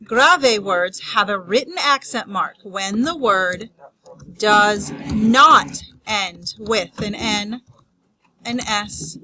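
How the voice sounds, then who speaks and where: A woman teaching a lesson on grammar rules, unscripted with restarts and fillers, spelling out terms slowly. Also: medium pitch, bright, forceful tone, low-quality recording. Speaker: Spanish teacher.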